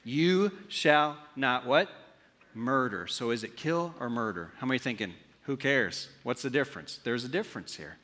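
A man from the preaching a sermon as pastor, animated, often asking the congregation questions. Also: medium pitch, normal speed, in a large hall. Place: church hall.

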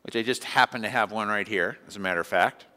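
His voice is lowish, bright and forceful, and he moves at a quick pace. In the sanctuary, with long hall reverb, the pastor delivers a conversational sermon, acting out little scenes for the congregation.

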